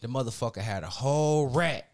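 Man, casual chat, slangy and profane storyteller, average pitch. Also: fairly quick.

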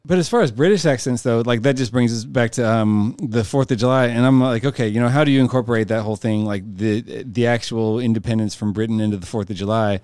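Fast-talking, crisp man. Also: medium pitch, darkish tone, no echo. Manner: rambling, laughs often, many fillers. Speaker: podcast co-host. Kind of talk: casual comedic chat.

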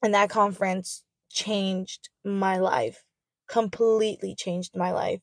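A young woman gives a personal testimony in a heartfelt, emotional voice, often circling back to repeat a phrase. Her voice sits at a middle pitch. The recording is dry and close. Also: flat delivery, slow pace, no room sound.

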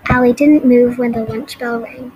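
Woman, audiobook reader, fairly high voice, steady storytelling, faint background noise. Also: moderate pace, rough recording. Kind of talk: reading a novel aloud.

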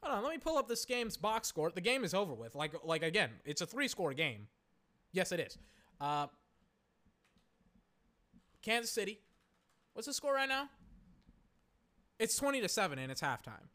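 High bright-voiced young male podcaster. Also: very animated, moderate pace, long pauses. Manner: exasperated, rambling, swears, many fillers. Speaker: podcast host. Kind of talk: casual live game commentary. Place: home, in a recliner.

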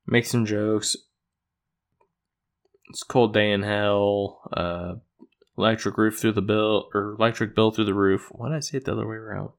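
Man with a fairly low voice, loose rambling recap style, trips over and fixes his own phrasing. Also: steady tone, moderate pace. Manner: rambling, self-correcting, chuckles at own retelling. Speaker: episode recapper. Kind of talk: casual plot recap.

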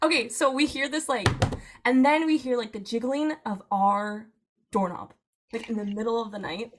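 A young woman telling a long personal story in casual chat, animated, laughing often and filling her speech with "like". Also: fairly high pitch, normal speed, slight background noise. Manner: animated, laughing, frequent "like" fillers.

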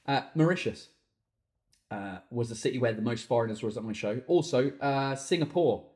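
A man's voice: medium pitch, lively intonation, roomy sound. A comedian hosting a solo podcast, ranting and swearing as he answers listener questions, hot and sweaty in a small room. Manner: ranting, sweary, quick swings into shouting. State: overheated and sweating.

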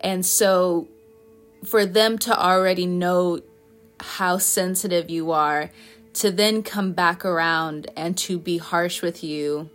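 A woman's voice: fairly low pitch, fairly even intonation, slow, a bit bright, soft background music. A woman giving a casual tarot reading, chatty and playful, often laughing and scolding her listeners in fun. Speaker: tarot reader.

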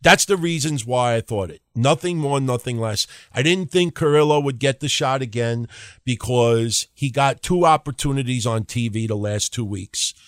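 A man hosting a solo wrestling podcast, ranting in an animated, profane way at a desk microphone and mocking people in put-on voices. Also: mid-range voice, moderate pace, no room sound, clean studio sound. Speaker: podcast host.

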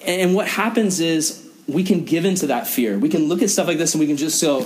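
A young man preaching earnestly to teenagers as a youth pastor, animated and acting out other people's lines. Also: on the high side, fairly quick. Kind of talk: sermon to teenagers.

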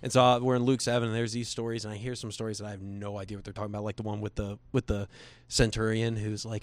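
A man's voice: fairly low pitch, little pitch movement, quick pace, no echo. A man earnestly telling a personal faith story in casual conversation, rambling with restarts and slipping into quoted voices.

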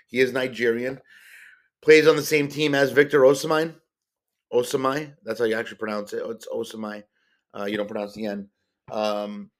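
A man hosting a solo podcast, talking casually about soccer players, rambling with many fillers and stopping to correct himself. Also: on the low side. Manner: rambling, many ums and uhs, self-correcting. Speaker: podcast host. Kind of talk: casual solo sports-card podcast talk.

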